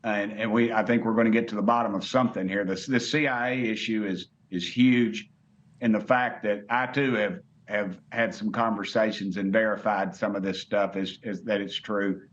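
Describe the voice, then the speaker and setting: A man's voice: fairly low pitch, steady tone, moderate pace, muffled recording. A middle-aged man with a Southern US accent, a congressman talking bluntly and colloquially in a remote interview. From United States.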